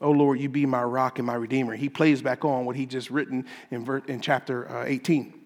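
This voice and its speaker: A man preaching a sermon as pastor, emphatic and building to loud climaxes, in a church sanctuary. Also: mid-range voice, little pitch movement, fairly quick. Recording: long hall reverb.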